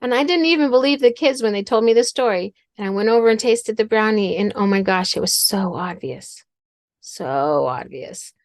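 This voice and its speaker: A woman's voice: fairly high pitch, quick pace, hardly any pauses, dry recording. A middle-aged woman speaks as a guest on a talk show, teaching through a story from her own family life. Her delivery is earnest, and she often repeats words and phrases as she works through a point. The recording is dry and close, with little room sound.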